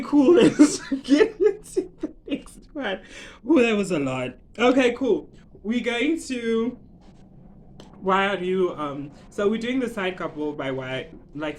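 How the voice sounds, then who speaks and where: A vlogger tells the story of a series in a casual, theatrical way. The pitch swings widely, and rhetorical questions and bursts of laughter come often. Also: darkish tone, slight background noise. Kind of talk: casual animated series recap.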